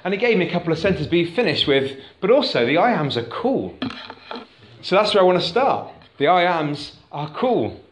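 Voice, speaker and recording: A man's voice: a little high, very animated, normal speed, roomy sound. A man preaching a sermon to a congregation in a church, conversational and asking the room questions. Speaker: pastor. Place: church hall.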